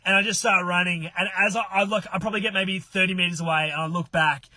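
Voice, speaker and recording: Australian male podcast guest, very bright and forceful tone, dry close sound, animated storyteller. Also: high-pitched, fast talker, no echo. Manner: animated, swearing, acts out voices in his story. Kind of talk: casual storytelling.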